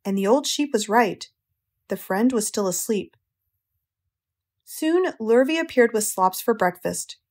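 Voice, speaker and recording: An American woman narrating a children's audiobook in a slow, clear, gentle way. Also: on the high side, animated. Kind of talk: storybook narration.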